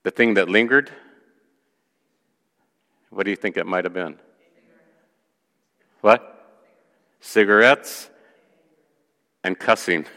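In this sermon storytelling, a man preaching from the pulpit animatedly voices the people in his story. He talks low and slowly, pausing often, and each phrase trails off into a long reverb tail.

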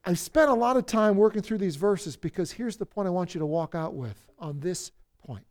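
A man's voice: high-pitched, expressive, normal speed. Man preaching a dramatic sermon. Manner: dramatic, acts out the psalmist's cries and swings from loud outbursts to near-whispers. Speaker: pastor.

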